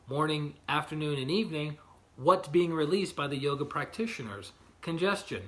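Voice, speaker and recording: A man's voice: fairly high pitch, expressive, normal speed. A middle-aged man, an energy healer, talking casually from his healing room and often checking in with "right?". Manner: chatty, keeps asking "right?". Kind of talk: casual livestream talk.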